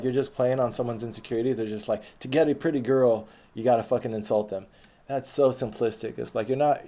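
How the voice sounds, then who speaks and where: A man's voice: fairly low pitch, warm tone. A man telling a rambling autobiographical story in a casual, profane way, with many restarts and fillers. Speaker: storyteller recounting his dating life.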